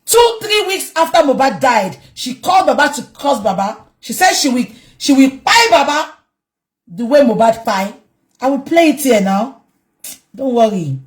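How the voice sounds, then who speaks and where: A woman with a Nigerian Yoruba accent giving heated commentary as a vlogger, speaking emphatically and breaking into shouts. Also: high voice, big pitch swings, moderate pace. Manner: emphatic, switches between English and Yoruba, bursts into shouting. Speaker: online commentator.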